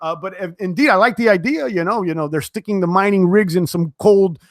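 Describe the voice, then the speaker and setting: A young man with a fairly high voice hosts a casual live stream and talks straight to his viewers. He speaks loosely, full of fillers and restarts, and his voice sounds dry and close with no room echo. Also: fairly quick. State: sweating, tiring. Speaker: crypto live-stream host. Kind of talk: live-stream chat reading viewer comments.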